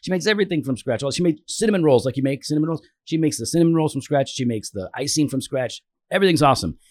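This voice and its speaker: A man's voice: a little high, rapid-fire, no room sound. A man in his forties chatting casually as a podcast co-host, teasing his friend and telling stories with lots of animation. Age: 40s. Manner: animated storyteller, teasing, acts out his own shouting. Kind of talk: casual chat.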